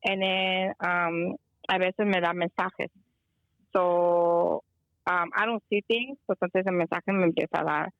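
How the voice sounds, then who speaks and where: A woman's voice: fairly low pitch, steady tone, unhurried, no room sound, lo-fi sound. A woman from Chicago, a guest calling in, telling a rambling story and slipping Spanish phrases into her talk. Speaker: guest, energy healer. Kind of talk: casual phone-in chat. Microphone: phone call.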